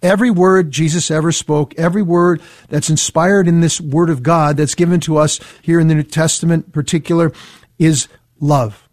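A man leads a Bible study, reading passages slowly before breaking them down. His voice sits a touch high, and the sound is close and dry with no room behind it. He talks with steady, earnest conviction. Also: dry recording. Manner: reads verses slowly, then explains with earnest emphasis. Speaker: Bible teacher. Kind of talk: scripture reading and commentary.

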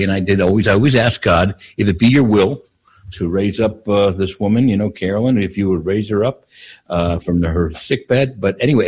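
Low husky-voiced older priest. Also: male voice, darkish tone. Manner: unhurried storyteller with frequent restarts. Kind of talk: call-in radio talk, telling stories.

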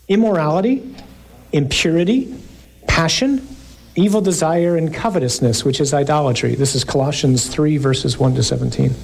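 A man preaching to a live congregation, reading scripture slowly and with emphasis, then breaking into quick, joking asides. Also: on the high side, animated, a little mellow, breathy edge.

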